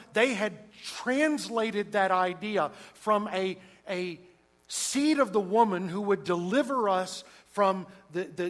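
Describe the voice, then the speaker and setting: Male preacher, fairly high-pitched, emphatic, loud-to-soft dynamics. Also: poor audio. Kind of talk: sermon.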